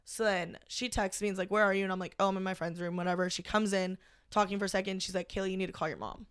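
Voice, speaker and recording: A young woman, a podcast guest, recounting a personal story in casual conversation, halting and full of "like". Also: mid-range voice, steady tone, fairly bright tone, clean tone, no room sound, studio quality. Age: young adult. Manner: halting, heavy use of "like", emotional retelling.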